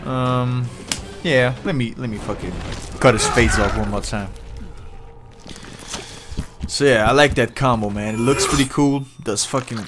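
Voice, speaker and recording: An excitable man talks through his online fighting-game matches in loose, slangy, profane commentary. His voice sits in an ordinary middle range. Loud game music and sound effects run behind him. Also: mid-range voice, a little slow, long pauses. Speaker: gamer playing online ranked matches. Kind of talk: casual gameplay commentary.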